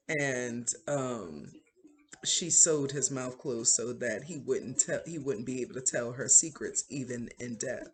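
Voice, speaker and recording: Man, casual film recap, very slow, lots of um and you know. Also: medium pitch. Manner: rambling with many fillers. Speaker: channel host.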